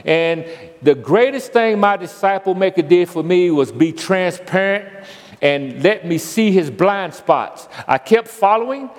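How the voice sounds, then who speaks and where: A man preaching a sermon as pastor, folksy, calling out to the congregation. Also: sits high. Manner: call-and-response preaching, folksy. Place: church sanctuary. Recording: long church reverb.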